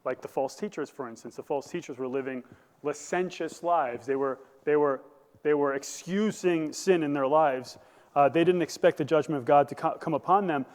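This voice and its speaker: A man's voice: a little high, normal speed, long reverb tail. A male pastor preaching a sermon, building to emphatic bursts and asking the congregation questions. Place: church sanctuary.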